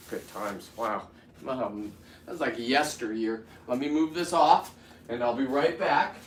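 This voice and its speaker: Casting: fifties man, vlogger, mid-pitched, rambling and restless, heard in a roomy space from a few feet off the mic. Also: unhurried, far from the mic, a little hiss or hum. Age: 50s. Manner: rambling, restarts, heats up into ranting. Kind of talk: casual talk to camera while working.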